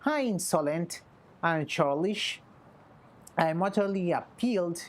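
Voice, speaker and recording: A woman's voice: fairly low pitch, animated, takes it slowly. A woman voicing a pompous self-styled nobleman in his thirties, reading game dialogue in a haughty, archaic way. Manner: haughty, archaic, grandiose phrasing.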